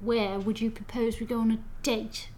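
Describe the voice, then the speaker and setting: A woman's voice: a little high, level tone, normal speed, a little mellow, natural voice. A woman improvising a prim, reserved young aristocrat daughter in a comedy scene. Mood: coy.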